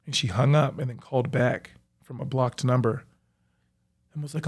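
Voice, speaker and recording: A young man, a professional athlete, reflectively recounting his own life story in a halting way, with frequent fillers. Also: medium pitch, steady tone, slightly rough. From United States. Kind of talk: personal storytelling.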